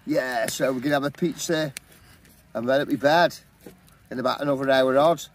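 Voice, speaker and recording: A middle-aged man chatting in a relaxed, upbeat way as a camping vlogger, talking into a handheld camera outdoors at a campsite. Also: mid-range voice, normal speed, slight background noise. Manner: chatty, upbeat, says "awesome, mate" often. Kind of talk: casual vlog chat.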